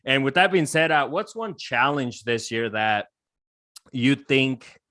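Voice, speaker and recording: A man hosting a podcast interview, speaking in an earnest, motivational way. His voice is bright and forward, and it is recorded close and dry. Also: mid-range voice, expressive, measured pace, no room sound. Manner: earnest, motivational, asks long questions. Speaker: podcast host. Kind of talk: interview host, casual conversation.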